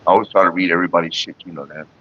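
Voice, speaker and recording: A man hosting a livestream who tells profane, animated stories in a casual way and chats with viewers. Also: low voice, very fast, dull audio. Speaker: livestream host.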